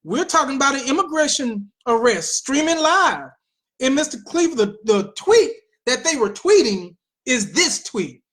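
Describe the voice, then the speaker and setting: An American man hosts a commentary show, his voice swooping through a lively range. He is sarcastic and exclaims a lot, and he jumps between mock surprise and blunt verdicts. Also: very high-pitched, normal speed. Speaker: host.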